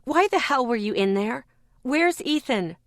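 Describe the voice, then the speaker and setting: A woman voicing a tough, protective young woman who shouts and swears in an audiobook. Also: high-pitched, expressive, measured pace, no room sound, studio quality, pitched above the performer's own voice. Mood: furious shouting.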